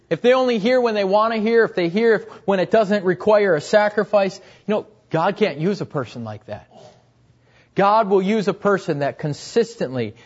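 A young man preaching a sermon earnestly, repeating key phrases and letting his voice drop at the end of each point. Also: high voice. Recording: dull, lo-fi recording.

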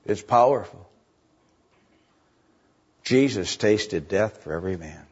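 An older man preaching a sermon, building to high, emphatic passages on scripture. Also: expressive, slow, darkish tone, slightly rough, highs cut off.

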